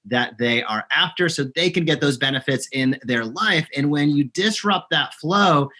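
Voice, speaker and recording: A man's voice: a little high, expressive, normal speed, bright, forceful tone. A man as a podcast guest, explaining his service in an earnest, emphatic way. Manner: earnest, emphatic business talk. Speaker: guest, locum service provider. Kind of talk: podcast interview.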